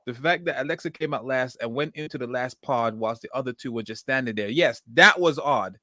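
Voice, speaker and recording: A man hosting a casual chat with an ordinary, mid-pitched voice. He rambles and hesitates, stumbling and restarting his sentences. The recording is dry and close to the mic. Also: brisk, pushed and bright, no room sound. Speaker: podcast host.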